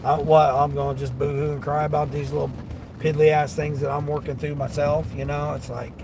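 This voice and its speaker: A man's voice: on the high side, level tone, a little fast, background noise. Folksy man chatting live from his car. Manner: folksy, rambling, chuckles often. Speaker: delivery driver livestreaming to chat. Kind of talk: casual live-stream chat. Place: inside his vehicle.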